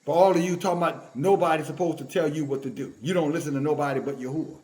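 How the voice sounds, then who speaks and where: High-pitched male preacher, confrontational and emphatic, scolding sermon with scripture readings. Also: fast, darkish tone.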